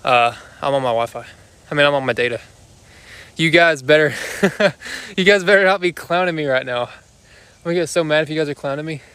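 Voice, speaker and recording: A young man livestreams casually from his backyard on a phone, out of breath after exercising, chatting and joking loosely with viewers. His voice is fairly high, fairly quick and fairly bright, with a clean tone and a dry recording.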